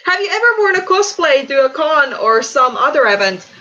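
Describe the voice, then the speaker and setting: A woman's voice: sits high, sing-song, normal speed, sharp tone, dull audio. A woman streaming live, chatting casually, greeting viewers and answering their comments. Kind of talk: casual livestream chat.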